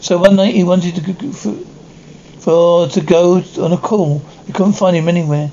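A man narrating a classic short story, halting and often restarting his sentences. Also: sits high, steady tone, gravelly, warm tone. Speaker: audiobook reader. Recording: dull, slightly noisy recording.

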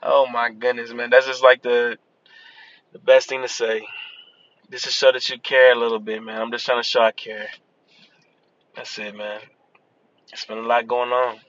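A man's voice: medium pitch, flat delivery, moderate pace, long pauses, a bit bright, no echo. A man talking casually to his viewers, loose and chatty, often saying "man" and "y'all". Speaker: vlogger. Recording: dull lo-fi sound with faint vehicle noise.

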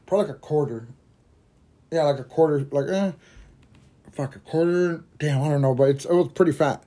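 Rambling, swearing stoner man, mellow voice. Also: on the high side, a little fast. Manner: rambling, heavy swearing, laughs at own jokes. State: high while smoking. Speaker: podcast host. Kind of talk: casual storytelling monologue.

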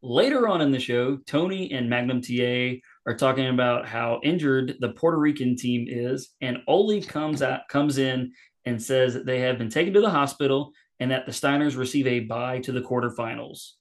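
A man co-hosting a podcast, recapping an old match in a relaxed, amused way. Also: mid-range voice, moderate pace. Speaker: podcast co-host. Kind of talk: casual commentary.

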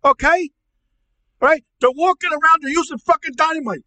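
A man playing a ranting, profane, angry middle-aged uncle on a comedy podcast, stammering and repeating himself as he yells. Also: very high voice, moderate pace, dry recording, exaggerated voice, low-quality recording. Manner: yelling, profane, repetitive stammering rant.

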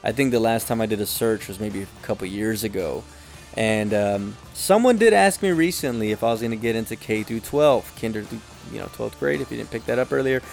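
A man tells a long, looping story about running jobs and firing a worker. He gets animated and acts out the other people's voices along the way. Faint music plays underneath him. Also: fairly low pitch, a little fast, vocal fry. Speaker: business owner telling work stories. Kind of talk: casual storytelling monologue.

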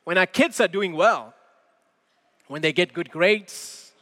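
A man preaching a sermon as pastor in a church, measured and emphatic, asking rhetorical questions. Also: high-pitched, pushed and bright, big-room sound. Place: church sanctuary.

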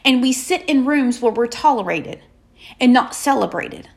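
A motivational speaker, this woman shares a faith-based message in a slightly high, gravelly voice with lively intonation. She leans on emphatic, repeated affirmations and slows down with deliberate pauses so each point lands.

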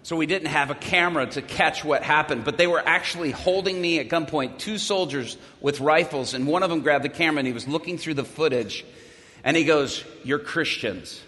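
A man's voice: on the high side, fairly quick, big-room sound. A man telling a dramatic story of his own to an audience, acting out the voices of the people in it. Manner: acts out the dialogue he quotes, with sudden shouts.

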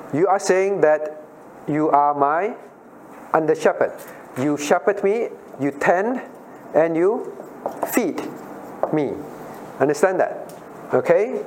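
A man with a fairly high voice leads a Bible study as the pastor, calling on listeners by name and asking them questions. He repeats his key phrases over and over. A faint hiss of room noise sits behind him. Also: a little mellow. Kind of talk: interactive Bible study teaching.

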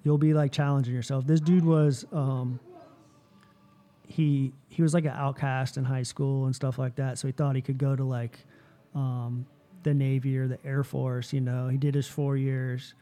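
A man hosting a casual chat, telling a story with lively energy and lots of "like" and "you know". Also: mid-range voice. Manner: animated storytelling, heavy use of "like".

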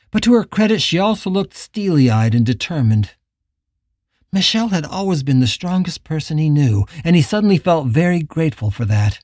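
Narrating an audiobook, this man keeps a steady, measured delivery in a mid-range voice. The recording is studio-clean, without any room sound.

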